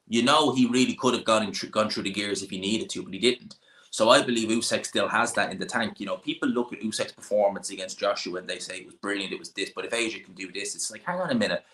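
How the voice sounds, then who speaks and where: A young Irish man who hosts a boxing channel chats casually with viewers, answering them with strong opinions and thinking aloud through lots of fillers. His voice is fairly low and fairly bright, and the room sounds roomy and echoey.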